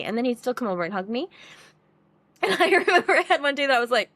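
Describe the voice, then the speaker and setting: A woman's voice: sits high, sing-song, quick pace, a bit bright. A young woman co-hosting a podcast, chatting casually and laughing often as she retells family moments. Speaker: podcast co-host. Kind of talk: casual chat.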